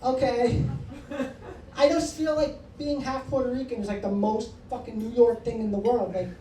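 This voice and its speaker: A man's voice: very high-pitched, steady tone, normal speed, mellow. A male stand-up comedian working the crowd in a comedy club, brash and profane, teasing the audience. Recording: echoey room, distant mic, noisy.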